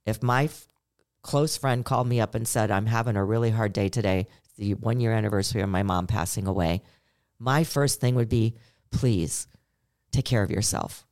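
A woman's voice: a bass voice, brisk. A middle-aged woman co-hosting a podcast, telling a personal story in an earnest, conversational way and acting out the lines she quotes. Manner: earnest, storytelling, animated when quoting. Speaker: podcast co-host. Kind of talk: casual chat.

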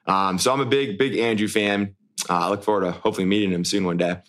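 A man's voice: on the low side, steady tone, fast, a bit bright. A young man co-hosting a casual chat, rambling with many restarts and fillers. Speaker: podcast co-host, former show lead.

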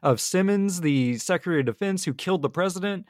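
A man's voice: sits high, lively intonation, fast, a little mellow, no room sound, clean studio sound. A young man in casual podcast chat who recaps plot points and steers the talk along. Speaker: podcast co-host.

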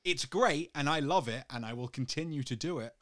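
Playful laughing male co-host, a bit high. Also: a little fast, fairly bright tone, slight background noise. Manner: teasing, laughs often, mock-outraged. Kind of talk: casual banter.

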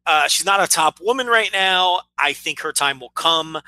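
A man's voice: fairly high pitch, expressive, normal speed, pushed and bright, dry recording, low-quality recording. A man co-hosting a wrestling podcast, telling stories with wry exasperation in casual chat. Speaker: podcast co-host.

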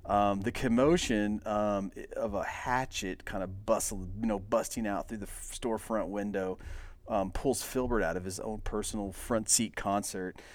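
Deep-voiced man rambling through a movie recap. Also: moderate pace, dry recording. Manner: relaxed, rambling, many filler words. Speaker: podcast host.

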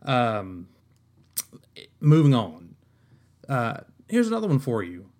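A man's voice: on the high side, sing-song, a little slow, pauses often, a little mellow. A man hosting a podcast, ranting in a comic, exasperated way, swearing often and restarting his sentences. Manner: exasperated, profane, rambling with many restarts. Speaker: podcast host. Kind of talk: comedic rant.

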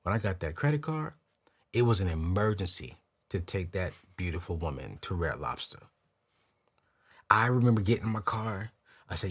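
A man with a husky, slightly breathy voice talks straight to camera as a show host. His pitch swings widely as he tells a slangy, candid story, and he stumbles over repeated words when he gets excited. The delivery is casual and chatty throughout. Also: moderate pace, long pauses. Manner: slangy, keeps it real with viewers.

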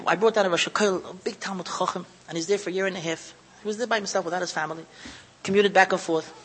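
A man's voice: high-pitched, steady tone, fast talker, fairly bright tone, a little hiss or hum. A man giving an emotional Torah talk, repeating phrases and sounding close to tears. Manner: heartfelt, repetitive, moved close to tears. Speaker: lecturer running a kollel. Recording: long hall reverb.

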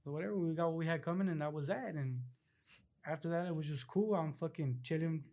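A young man with a slightly raised pitch, speaking in loose, laid-back street slang. He tells long stories in a casual interview and slips into other people's voices when he quotes them. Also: fast talker, a little mellow. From Los Angeles area, California. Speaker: interview guest.

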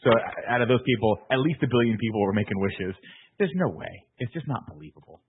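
A man in his forties co-hosting a podcast, quickly joking his way through ideas in casual chat. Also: fairly low pitch, big pitch swings, noisy background. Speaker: podcast co-host. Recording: tinny phone-like sound.

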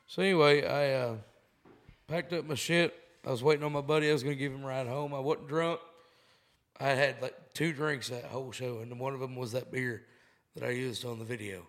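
A man's voice: mid-range voice, steady tone, fairly quick. A man telling a rambling story in a loose, swearing, laid-back way. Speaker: comedian guest. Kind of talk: casual storytelling.

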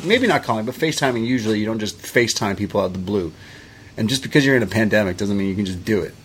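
A man's voice: lowish voice, animated, very fast, slight background noise. A man co-hosting a wrestling review podcast, chatting loosely, swearing and drifting into side rants. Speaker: podcast co-host. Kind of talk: casual wrestling review chat.

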